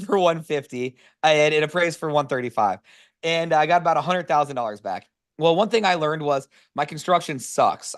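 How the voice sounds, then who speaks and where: A man telling casual stories about real estate investing in a webinar, energetic and full of "like" fillers, on a video call. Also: on the high side, creaky. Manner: energetic, filler-heavy, says "like" constantly. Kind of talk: casual storytelling presentation.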